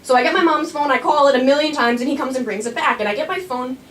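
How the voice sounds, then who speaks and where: Speaking quickly in a high, slightly bright voice, a young woman shares a true story about herself with chatty self-mockery. She's on a small performing arts studio stage, recorded distantly in an echoey room with slight hiss or hum.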